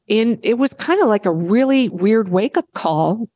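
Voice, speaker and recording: A woman's voice: mid-range voice, lively intonation, moderate pace, dark tone, dry recording. A middle-aged woman being interviewed, telling her own story frankly, swearing freely and repeating phrases while she thinks. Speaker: guest. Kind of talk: candid personal storytelling.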